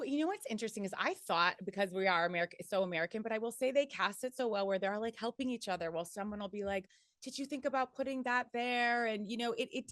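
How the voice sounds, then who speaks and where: Animated, laughing woman telling stories. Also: medium pitch, dry recording, studio quality. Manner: animated storyteller, swears, laughs often. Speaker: guest. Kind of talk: casual chat.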